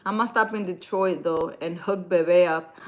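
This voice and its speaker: A woman's voice: on the low side, unhurried, a little mellow, poor audio. A woman hosting a casual livestream, reading viewer comments aloud, teasing her viewers and then giving earnest spiritual advice.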